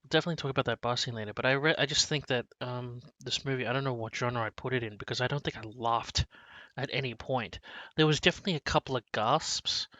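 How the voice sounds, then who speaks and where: A man's voice: medium pitch, bright, forceful tone, dry recording. A man co-hosting a casual movie review chat, rambling with many restarts and fillers. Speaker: podcast co-host.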